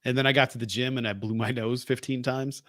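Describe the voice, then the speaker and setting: A man's voice: mid-range voice, fast talker, no room sound. A man co-hosts a podcast in a loose, chatty way, poking fun at himself as he tells stories. He is getting over a cold. His voice sits in an ordinary middle register, and the recording is close and completely dry. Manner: chatty, self-deprecating, animated storytelling. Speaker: podcast co-host. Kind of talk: casual chat.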